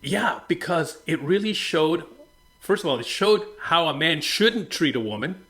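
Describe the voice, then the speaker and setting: An older man co-hosting a faith-based film talk show, speaking in a measured, thoughtful way and sometimes pausing to search for words. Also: on the high side, expressive, a bit bright. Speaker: co-host.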